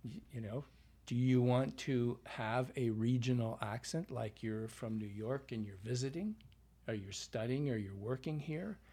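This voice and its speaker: A man's voice: medium pitch, measured pace, mellow, breathy edge. A man from Canada working as a dialect coach, explaining his craft in a casual interview and often checking in with "right?". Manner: explanatory, often ends points with a questioning "right?".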